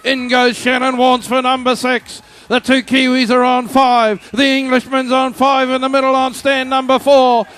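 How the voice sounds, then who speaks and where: A man's voice: very high voice, monotone, moderate pace, few pauses, fairly bright tone, smooth. A man commentating live at a shearing competition, following the race and urging the crowd to cheer. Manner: rousing, urges the crowd on.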